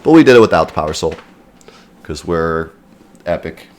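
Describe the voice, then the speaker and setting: A man streaming live gameplay commentary, a bit sick in the voice, who yells at the game when things go wrong. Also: low voice, lively intonation, normal speed. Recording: faint game music behind.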